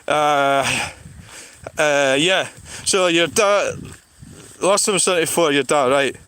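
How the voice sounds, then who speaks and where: A man's voice: on the high side, takes it slowly, sharp tone, clear, resonant tone. A Scottish man casually chatting on a livestream and reading out comments, rambling and blunt, with plenty of swearing. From Scotland. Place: outdoors in the countryside.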